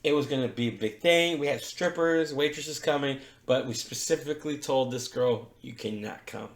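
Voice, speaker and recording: A man's voice: fairly high pitch, normal speed. A man co-hosting a podcast, telling a long, profane story in casual chat. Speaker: podcast co-host. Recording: roomy echo.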